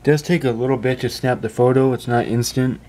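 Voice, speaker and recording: Man, tech reviewer, casual vlog talk, warm dark tone, chatty, self-correcting. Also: mid-range voice, steady tone, fairly quick. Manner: chatty, stumbling, often apologizing. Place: indoors.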